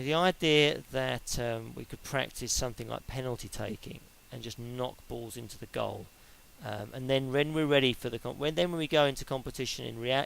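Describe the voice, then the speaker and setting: A man's voice: medium pitch, creaky, a bit bright, low-quality recording. A middle-aged man giving an informal lecture on sport psychology, chatty and explaining step by step with everyday examples.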